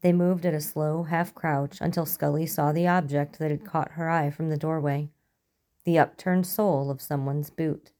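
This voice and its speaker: A woman narrating a story in an even, measured way. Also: low-pitched.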